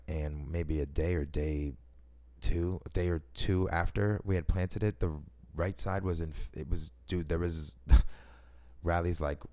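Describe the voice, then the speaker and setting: Guy with a really low voice telling wild stories, lots of bro and cussing, rambles and restarts. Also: creaky. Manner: excitable, swearing, slangy, many restarts and "bro". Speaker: vlogger telling personal stories. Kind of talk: casual rambling storytelling.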